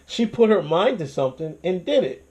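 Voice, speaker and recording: A man's voice: high-pitched, a little fast. A young man hosting his own channel, ranting in casual commentary with lots of swearing and restarts. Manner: profane, animated ranting with restarts and laughs.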